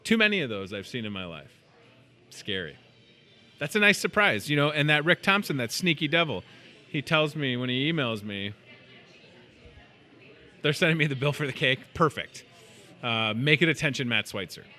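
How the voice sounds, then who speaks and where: A man's voice: mid-range voice, expressive, moderate pace, bright, forceful tone. A man hosting a live local TV segment, chatty and joking, often mocking himself. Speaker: store TV show host.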